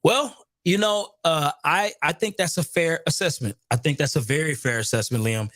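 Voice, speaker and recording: Energetic man hosting a live stream. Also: fairly high pitch, normal speed, no room sound, studio quality. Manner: energetic, chatty, repeats himself. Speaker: host.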